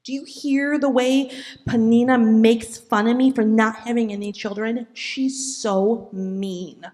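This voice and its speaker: A woman's voice: on the high side, steady tone, slow pace, a little mellow. A woman voicing a grieving, childless woman who pours out her pain to God in a diary, read in an earnest, pleading way. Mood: anguished.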